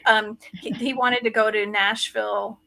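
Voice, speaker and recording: A woman's voice: a little high, flat delivery, moderate pace, vocal fry, sharp tone. Chatty self-deprecating woman guest. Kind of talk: casual interview chat.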